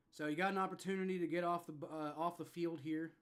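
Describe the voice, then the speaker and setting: Frustrated fan reacting to a game. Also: male voice, on the high side, fairly even intonation, fast, few pauses, clear, resonant tone. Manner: frustrated, swears, swings from muttering to shouting. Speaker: livestream reaction host. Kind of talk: live fan reaction and play-by-play.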